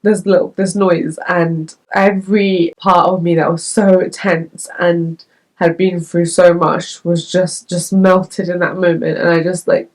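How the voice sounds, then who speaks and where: A woman's voice: on the low side, level tone, unhurried, darkish tone. A young woman vlogger telling her story to the camera in a candid, chatty way, full of fillers, from the United Kingdom. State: tearful.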